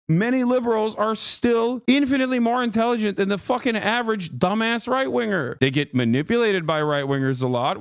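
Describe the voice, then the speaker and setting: Brief: male streamer, furious profane rant, voice sits a bit high, dry close sound. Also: creaky, no room sound. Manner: angry, profane, mocking. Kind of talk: heated reaction rant.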